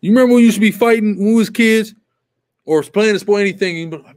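Male host, slightly high voice, emphatic live commentary, repetitive. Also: very fast. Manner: emphatic and repetitive, often asks "right?". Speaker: show host.

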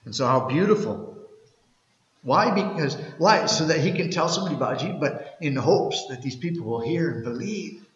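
Pastor preaching in an echoey church hall. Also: male voice, mid-range voice, a bit bright. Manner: conversational storytelling, repeats words when restarting. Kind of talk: sermon. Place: church sanctuary. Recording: roomy church hall, dull lo-fi sound.

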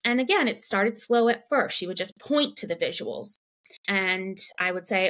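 A woman in her thirties, a mother and podcast guest, telling a story in a relaxed interview, full of "you know" and "right?". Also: normal speed. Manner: animated, acts out quoted dialogue in a raised pitch; chatty, many "you know" and "right?" fillers. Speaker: guest, parent.

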